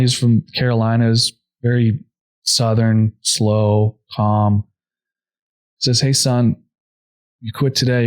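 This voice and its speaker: A young adult man, a podcast guest, earnestly telling a personal story at a quick clip, full of "like" fillers. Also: lowish voice. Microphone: podcast microphone.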